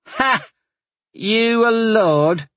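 A man voicing a hearty, teasing woman soldier in a fantasy audiobook, his voice raised and lively. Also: on the high side, moderate pace, breathy edge, no echo, pitched above the performer's own voice. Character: gruff friendly woman soldier.

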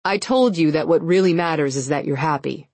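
A woman voicing a kind, supportive male friend in an audiobook, gentle and reassuring. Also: sits low, brisk, no room sound.

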